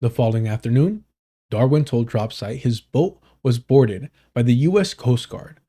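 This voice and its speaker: Male streamer, mellow and warm, reads news aloud with blunt casual asides. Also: medium pitch, expressive, unhurried. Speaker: live streamer. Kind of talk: casual live stream commentary.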